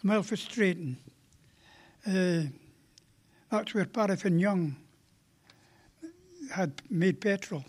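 A man's voice: high-pitched, slow pace, pauses often. An older man with a Scottish accent, a panel guest chatting modestly and rambling a little.

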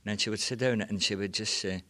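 Older Scottish man, low rambling storyteller. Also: fairly even intonation, fast, bright, forceful tone. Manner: rambling, chuckling, peppered with you know. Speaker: reminiscence group member. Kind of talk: casual storytelling.

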